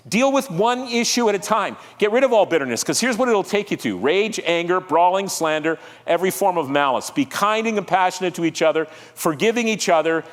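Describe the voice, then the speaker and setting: Pastor, male, lively delivery with rhetorical questions to the room, long hall echo. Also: sits high. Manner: animated, asks the congregation questions. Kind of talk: sermon. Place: church hall.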